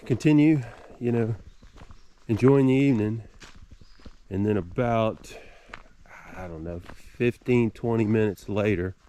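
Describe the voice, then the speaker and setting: A middle-aged man speaks outdoors at a campsite into a camera-mounted mic. His voice is fairly low and mellow. He tells his story casually and rambles, with frequent fillers and restarts. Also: a little hiss or hum. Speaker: outdoor vlogger.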